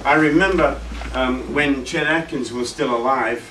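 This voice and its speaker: A man's voice: medium pitch, measured pace, fairly bright tone, slight background noise. A man who is a guitarist, giving a workshop in casual teaching talk, chatty, sounding out rhythms with his voice. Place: music shop event room. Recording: roomy room, distant mic, guitar playing.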